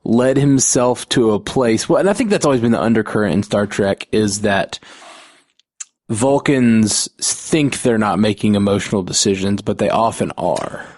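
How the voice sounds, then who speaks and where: A man's voice: on the low side, moderate pace, a little mellow, no room sound. Thoughtful man podcast co-host, dry sound. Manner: thoughtful, repeats words while searching. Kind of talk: casual chat.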